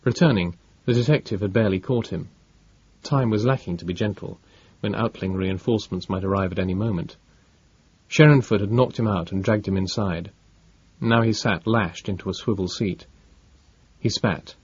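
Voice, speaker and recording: A man reading an audiobook in a measured, dramatic narration. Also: lowish voice, breathy edge, dry recording, lo-fi sound.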